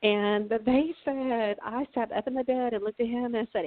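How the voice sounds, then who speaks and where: A woman's voice: a little high, moderate pace, slight background noise. Laughing woman telling stories over a phone line. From Texas. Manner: animated, laughs often while telling stories. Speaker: guest author. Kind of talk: casual storytelling chat. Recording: tinny phone-like line, dry.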